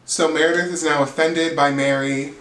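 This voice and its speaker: A man hosting a casual recap of a reality show, telling it in an animated, sassy, gossipy way. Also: fairly high pitch, moderate pace, reverberant. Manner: animated, sassy, gossipy storytelling with acted-out quotes.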